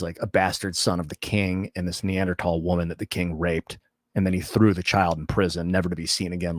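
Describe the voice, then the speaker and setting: A man's voice: fairly low pitch, no room sound, studio quality. A man hosting a livestream, telling a long story in a loose, profane, rambling way with many restarts. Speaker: livestream host.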